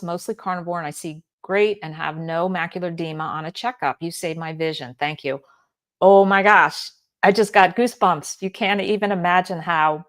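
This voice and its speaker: A woman's voice: on the low side, a bit bright. A middle-aged woman hosting a live-stream Q&A, reading viewer comments aloud and answering in a chatty way with many fillers and restarts. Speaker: health channel host.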